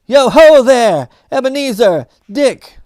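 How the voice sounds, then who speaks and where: A man's voice: very high voice, lively intonation, slow, a little mellow, no echo, clean studio sound, voice pushed up, exaggerated voice. A man voicing a jovial, stout old male employer who calls out heartily.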